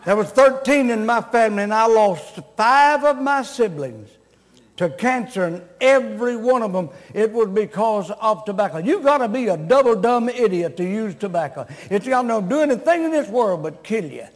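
Brief: high-pitched male preacher, blunt, scolding sermon with jokes, long hall reverb. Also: animated, moderate pace. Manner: blunt, scolding, joking with the congregation. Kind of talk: revival sermon.

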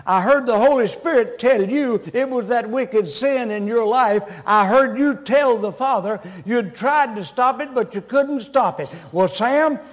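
A man voicing earnest, gentle Jesus. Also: extremely high pitch, measured pace, hardly any pauses, big-room sound. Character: gentle, patient Jesus speaking to a believer.

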